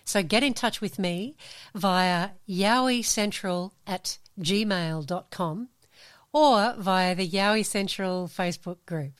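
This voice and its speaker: A woman's voice: mid-range voice, takes it slowly, dry recording, clean studio sound. An Australian woman hosting a podcast, chatting casually and laughing often. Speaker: podcast host. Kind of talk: casual chat.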